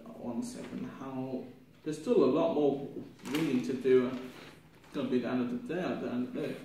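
A young man, a drama student, reflecting aloud on his performance in a halting, rambling way with many restarts, sounding ill with a cough. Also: mid-range voice, steady tone, mellow. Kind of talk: spoken self-reflection. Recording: echoey room from far off, faint noise.

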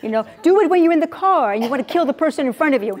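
A woman's voice: sits high, very fast. A middle-aged woman coaching a live audience in a motivational talk, stressing key words by repeating them and coaxing listeners to join in. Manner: lively, coaxes the audience to join in. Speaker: public speaking coach. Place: event venue with an audience.

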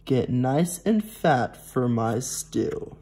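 A hungry storybook wolf, scheming and slow-spoken, as a young man reads him. The voice is mellow and a little husky, drawn out word by word. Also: mid-range voice, lively intonation, exaggerated voice. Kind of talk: reading a storybook aloud.

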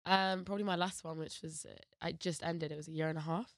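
A woman's voice: sits low, fairly even intonation, fast talker, no room sound, clean studio sound. A woman with a Leicester accent, a singer chatting casually as a guest on a radio show. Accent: Leicester English. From England. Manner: chatty, lots of fillers like "like".

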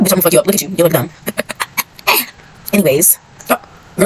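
A woman's voice: lowish voice, racing, pauses often, slight background noise, rough recording. A woman giving gameplay commentary, trash-talking opponents in a brash, profane and dramatic way. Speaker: gaming video creator.

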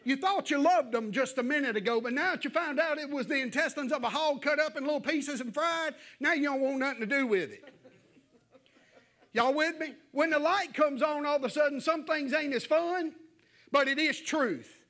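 A man's voice: extremely high pitch, moderate pace, fairly bright tone. A male pastor, preaching an evening sermon in a folksy, conversational way that builds into fervent exhortation. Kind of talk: evening sermon to a church congregation. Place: church.

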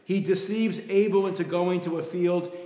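A man preaches a sermon in a church, earnest and soft-spoken, often falling to a hushed emphasis. His voice sits a little high for a man. The sound is roomy, with a long reverb trailing behind. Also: fairly even intonation, moderate pace. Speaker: pastor. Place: church sanctuary. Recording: echoey room with long reverb.

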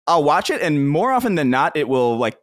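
A man's voice: fairly high pitch, sing-song, a little fast, dry recording, studio quality. A man co-hosting a podcast in casual chat, rambling with many restarts and frequent laughs. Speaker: podcast co-host.

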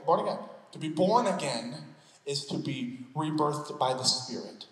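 A man preaches in a church sanctuary, his voice sitting a little high for a man. He is lively and jokey and slips into comic voices to act out stories. The room is echoey, with a long hall reverb trailing after his words. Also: unhurried. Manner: animated, joking, acts out scenes in funny voices. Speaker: pastor. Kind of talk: sermon.

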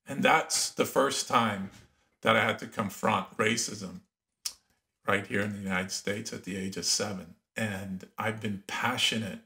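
A middle-aged man from Iran, a podcast guest telling stories from his life in an animated, emphatic way. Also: lowish voice, creaky. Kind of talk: storytelling in an interview.

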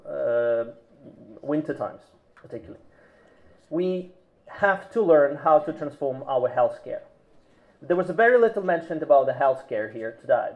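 A man delivering a formal speech at a business forum in a hotel ballroom, hesitant, with restarts and measured emphasis. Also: on the high side. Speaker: conference speaker. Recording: tinny phone-like recording.

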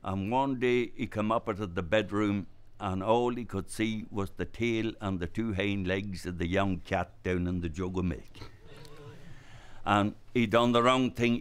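An older Irish man from Donegal tells a rural tale in a fairly low voice. He tells it in a lively way and acts out voices and gestures. It sounds like a traditional storyteller in full flow. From Ireland, Inishowen area.

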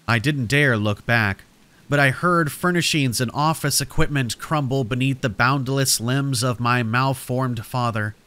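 A man narrates a scripted horror story at a steady, measured pace. His voice sits at an ordinary middle pitch, and he leans into the dramatic moments.

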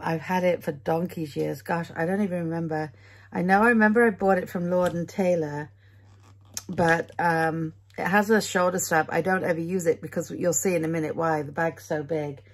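Chatty British woman with a gravelly voice. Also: fairly low pitch, steady tone, normal speed. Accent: British English. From Britain. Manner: chatty and rambling, often laughing at herself. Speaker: vlogger. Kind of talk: casual day-in-the-life vlog. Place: at home.

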